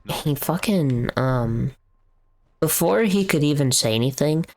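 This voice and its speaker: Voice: mid-range voice, animated, measured pace, darkish tone. A young adult streamer chatting casually while gaming, telling a story in blunt, profane language that turns into heated ranting.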